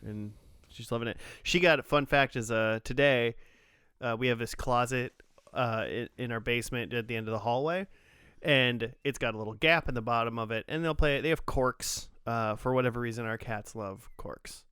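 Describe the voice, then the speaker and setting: A man's voice: mid-range voice, moderate pace, sharp tone, clear, resonant tone, dry recording, studio quality. A man hosting a casual podcast chat, rambling through stories with lots of fillers and restarts. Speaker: podcast host.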